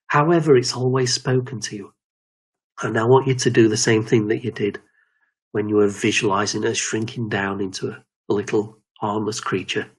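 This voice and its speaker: A man giving a slow, measured self-help talk on quieting the inner critic, often restarting his sentences. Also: lowish voice, husky. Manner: measured, repetitive, with frequent restarts. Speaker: confidence coach.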